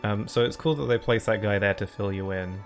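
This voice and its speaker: A man with a brisk, lowish voice gives rambling, chatty commentary on a live stream as he plays, often laughing at himself. Faint game music plays in the background.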